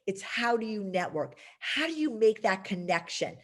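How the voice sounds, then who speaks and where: A woman's voice: mid-range voice, sing-song, moderate pace. Chatty, emphatic woman coaching students. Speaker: career coach and instructor. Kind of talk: lively teaching to a class.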